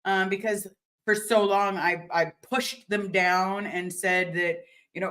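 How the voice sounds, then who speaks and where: A woman's voice: medium pitch, fairly even intonation, slow pace, fairly bright tone. A young woman hosting a casual livestream from home, reading viewer comments aloud and talking candidly, with frequent fillers, restarts and the odd swear word.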